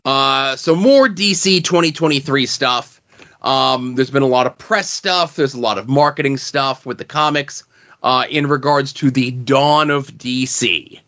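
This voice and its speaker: A man's voice: medium pitch, measured pace, sharp tone. Rambling man on lo-fi audio. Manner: rambling, many fillers and "like"s. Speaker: podcast co-host. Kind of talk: casual chat.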